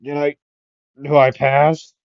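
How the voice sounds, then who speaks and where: A man's voice: a little high, little pitch movement, slow pace, vocal fry, no echo, pitched above the performer's own voice. A man voicing a determined young hero boy. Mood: dazed. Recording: dull lo-fi sound.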